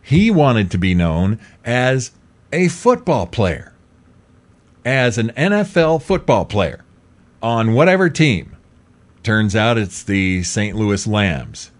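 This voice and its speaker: A middle-aged male talk show host speaks in a fairly low voice that keeps leaping up and down in pitch, very animated but taking it slowly. His opinionated monologue is emphatic and repetitive, swinging between loud outbursts and muttered asides.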